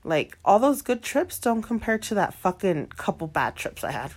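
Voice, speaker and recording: A woman's voice: mid-range voice, sing-song, moderate pace. A woman of twenty-nine, a single mother, venting in a defiant monologue full of swearing and repetition, slipping between English and Spanish. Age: 20s. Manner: heavy swearing, defiant, repeats herself.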